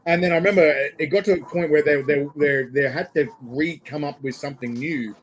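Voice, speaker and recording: Male interviewer, high-ish, animated, tells stories with acted-out quotes. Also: fairly quick, a little hiss or hum, low-quality recording. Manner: animated storyteller, acts out quotes with big laughs. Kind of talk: casual interview chat.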